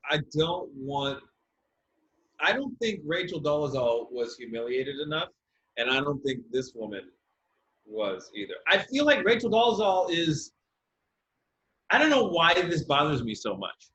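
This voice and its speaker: A man, a comedian guest on a video call, chatting casually, animated and incredulous. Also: highs cut off, slight background noise. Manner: animated, incredulous, pitch leaping up.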